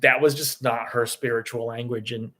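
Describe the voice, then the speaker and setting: A man's voice: mid-range voice, moderate pace. Male meditation teacher, easygoing storyteller, loose conversational dharma talk. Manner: relaxed, loose, with many "you know" and "right?" tags.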